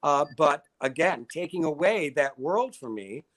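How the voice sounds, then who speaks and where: A man's voice: on the high side, lively intonation, measured pace, fairly bright tone. An older man, a guest in a casual interview, telling long stories in a wry, self-deprecating way.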